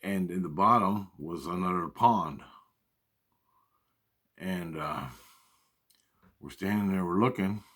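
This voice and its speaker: A man's voice: deep voice, slow pace, pauses often, fairly bright tone. A man telling a personal story in a casual, rambling way, with lots of swearing and repeated phrases. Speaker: storyteller recounting personal experiences.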